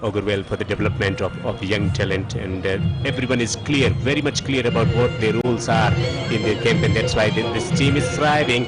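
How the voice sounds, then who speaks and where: A man with a lowish voice calls a cricket match live, earnest and praising, repeating words as he restarts phrases. Loud music runs behind him. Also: normal speed. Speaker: cricket commentator.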